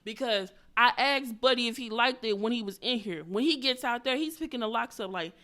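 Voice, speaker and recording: Bright-voiced, profane woman podcast host. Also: a little high, brisk, few pauses. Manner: animated, profane, acts out quotes. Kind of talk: casual storytelling.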